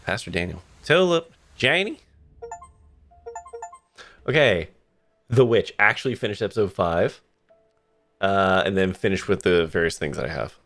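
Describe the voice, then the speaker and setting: A man's voice: sits low, lively intonation, measured pace, long pauses, a bit bright, soft background music. A man streaming a game, thinking aloud in casual commentary, swearing and laughing as he goes. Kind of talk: casual let's-play commentary.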